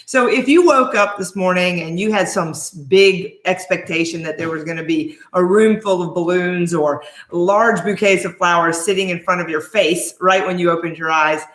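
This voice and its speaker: A woman's voice: on the low side, normal speed, hardly any pauses. A woman in her forties, a life coach, giving an emphatic motivational talk to camera with lots of rhetorical questions. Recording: roomy echo.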